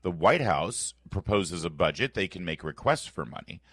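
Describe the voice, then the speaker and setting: A low-voiced man hosting morning talk radio from a studio, his delivery swooping up and down with emphatic, sarcastic flourishes. The sound is close and dry. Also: moderate pace, husky, no room sound. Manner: emphatic, animated, playfully sarcastic. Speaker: radio talk show host. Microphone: studio microphone.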